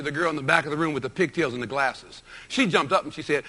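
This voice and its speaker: A man delivering an emphatic, energetic motivational keynote with storytelling. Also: a little high, quick pace. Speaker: motivational speaker.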